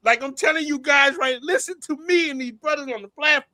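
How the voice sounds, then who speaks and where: A middle-aged man with a notably high voice, talking in a casual livestream. He tells his stories with animated energy, laughs a lot and swears freely. The sound is close and dry, with no room in it. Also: brisk, no echo. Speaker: channel host.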